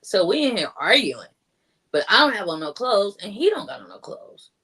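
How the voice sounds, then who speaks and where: Low and a bit bright, this woman's voice carries a chatty personal story told as a guest. She uses "like" constantly and gets louder whenever she performs someone else's words.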